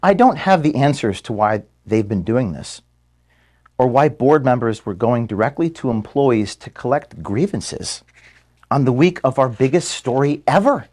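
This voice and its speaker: A man records a farewell statement for his staff in an office room. His voice sits at an ordinary middle pitch, and his delivery is earnest and measured. When he is moved he turns quiet and halting. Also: expressive. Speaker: organization founder addressing staff.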